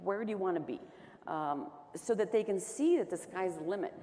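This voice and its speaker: A woman's voice: fairly low pitch, expressive, a little fast, warm tone. A woman governor speaking on a panel, telling stories in a chatty way with many fillers. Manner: chatty, storytelling with frequent fillers. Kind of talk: panel discussion. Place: conference stage. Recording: hall reverb.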